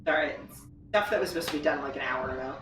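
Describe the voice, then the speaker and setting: A woman's voice: very deep voice, quick pace, background noise. A woman streaming a game live, exasperated and cursing at it as she plays. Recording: echoey room, distant mic.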